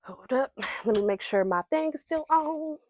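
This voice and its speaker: A woman's voice: high voice, expressive, normal speed, slight background noise. A young woman chatting casually to her viewers in a makeup vlog, hyper and giggly, rambling from one thing to the next. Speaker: beauty vlogger. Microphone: wireless receiver mic.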